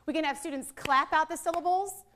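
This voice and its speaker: High-voiced woman leading a teacher workshop. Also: a little fast, slight background noise. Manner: animated, leads call-and-response drills. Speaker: literacy trainer. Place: training room with audience.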